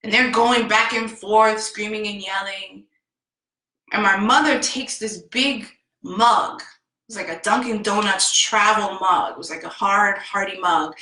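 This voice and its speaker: A woman vlogger telling a personal story in a slow, heartfelt and emphatic way. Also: medium pitch, sharp tone, echoey room, low-quality recording. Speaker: self-help vlogger.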